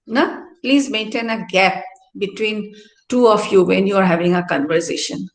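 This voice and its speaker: A woman's voice: mid-range voice, moderate pace. Woman, middle-aged, professor lecturing, keeps asking tag questions, echoey hall. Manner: explanatory, asks tag questions like "no?" and "all right?". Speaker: professor giving a workshop lecture. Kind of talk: classroom lecture. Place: university activity centre hall. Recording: roomy hall echo.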